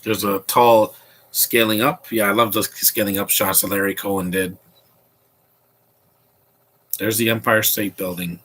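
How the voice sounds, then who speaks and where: Low and husky yet bright and forceful, this podcast host gives casual commentary while a film runs, speaking a little slowly in a steady tone with long pauses. He wanders and restarts frequently, offering blunt opinions along the way.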